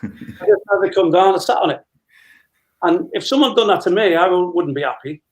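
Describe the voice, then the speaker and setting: A man in his fifties, a former footballer, telling lively anecdotes with frequent laughter as an interview guest. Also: high voice, brisk, poor audio. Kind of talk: casual storytelling interview.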